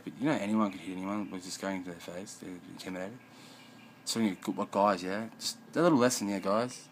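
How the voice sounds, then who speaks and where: A man's voice: on the low side, fairly even intonation, fast talker, slight background noise, low-quality recording. A man rambling in a profane vlog monologue at home, often mumbling.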